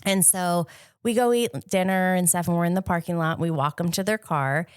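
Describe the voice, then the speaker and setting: A woman's voice: fairly low pitch, normal speed, clean tone, dry recording, clean studio sound. A middle-aged woman co-hosting a podcast, telling a story in casual chat and mimicking the people she quotes. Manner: lively, mimics voices when quoting. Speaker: podcast co-host.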